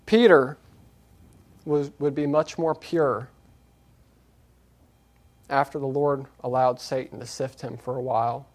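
A man preaching a sermon, moving from quiet reflection to raised, emphatic scripture reading. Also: medium pitch, steady tone, slow pace, long pauses. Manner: earnest, repetitive exhortation.

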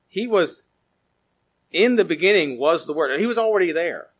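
A male pastor preaching a sermon, reading scripture aloud and swinging between emphatic rises and quiet, low drops. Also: lively intonation, normal speed, breathy edge.

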